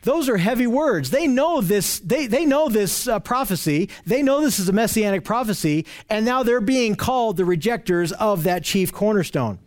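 A man's voice: high voice, expressive, normal speed, few pauses. A man preaching a sermon, emphatic and repetitive, often restarting phrases.

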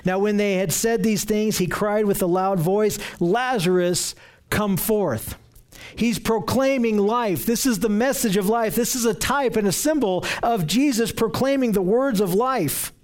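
Man, high-pitched voice, earnest sermon, reads scripture aloud, repeats words mid-thought. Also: normal speed, hardly any pauses, a little mellow. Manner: earnest, repeats words while searching for phrasing. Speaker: preacher.

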